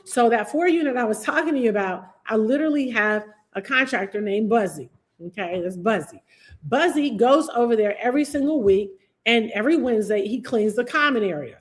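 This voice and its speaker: A woman's voice: a little high, animated, brisk. A woman teaching real estate investing on a live stream, emphatic and repetitive, calling on viewers by name. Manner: emphatic, repeats key phrases, addresses viewers by name.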